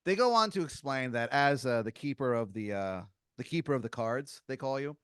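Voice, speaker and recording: A man hosting a comedy podcast, improvising a story in a rambling, halting way with many fillers and giggles. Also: mid-range voice, lively intonation, fairly bright tone, clear, resonant tone, dry recording, studio quality. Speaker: podcast host.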